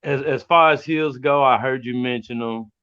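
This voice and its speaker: A man in a casual podcast chat, talking haltingly and repeating himself. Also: mid-range voice, pushed and bright, clear, resonant tone, dry recording, highs cut off.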